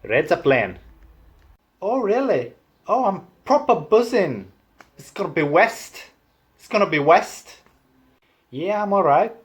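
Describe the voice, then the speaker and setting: A man doing a chirpy young Liverpool lad in a put-on Scouse accent. He talks in quick, slangy banter and keeps jumping up high into a buzzing, excited lilt. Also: husky, exaggerated voice. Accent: Scouse imitation. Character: cheery young male Liverpool lad off to the match.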